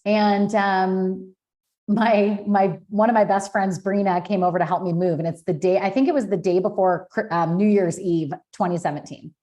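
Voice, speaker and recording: A woman's voice: medium pitch, fairly even intonation, moderate pace, warm tone. A woman in her thirties, a podcast guest, telling a personal story in a candid, emotional way with many fillers. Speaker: podcast guest, business founder.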